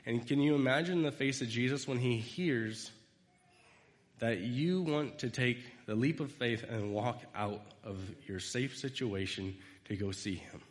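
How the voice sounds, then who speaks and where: An unhurried American speaker with a medium-pitched voice gives an informal sermon as a devotional talk, with a long reverb tail. He meanders through personal stories and dramatizes the lines he quotes.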